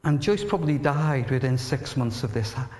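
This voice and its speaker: A man preaching a sermon, earnest and emphatic, telling stories and dropping to a hush at tender moments. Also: mid-range voice, lively intonation, moderate pace. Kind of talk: sermon with storytelling. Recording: reverberant hall.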